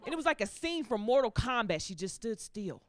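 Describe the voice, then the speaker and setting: A woman performs stand-up comedy on a club stage, her voice leaping up and down as she acts out her stories. A lively crowd laughs loudly behind her throughout. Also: a little high, brisk. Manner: animated storytelling with acted-out voices.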